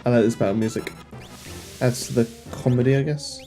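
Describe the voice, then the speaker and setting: Rambling young man, mellow voice. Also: medium pitch, brisk. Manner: rambling, self-deprecating, joking at the screen. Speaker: let's play host. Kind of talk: casual gameplay commentary. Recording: faint game music behind.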